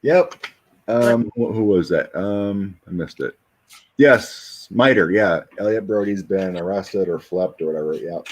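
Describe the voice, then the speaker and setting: Low husky-voiced man rambling. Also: unhurried. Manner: rambling, animated, mocking impressions. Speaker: host. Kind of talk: casual chat with tarot reading.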